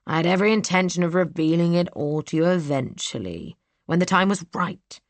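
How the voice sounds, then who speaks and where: A woman voicing a cool, scheming young man who sneers and sometimes drops to a hush. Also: on the low side, lively intonation, a little fast, no room sound. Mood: impatient. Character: cold scheming young man, villainous brother.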